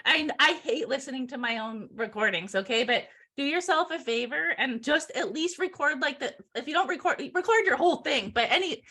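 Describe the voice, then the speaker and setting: A bubbly, high-pitched woman co-hosting a sales podcast. Her bright, forceful voice bounces with energy, and she breaks into giggles as she talks shop. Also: brisk, hardly any pauses. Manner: bubbly, energetic, giggly, with playful acted-out phone calls. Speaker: podcast co-host and sales trainer. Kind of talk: lively sales podcast chat.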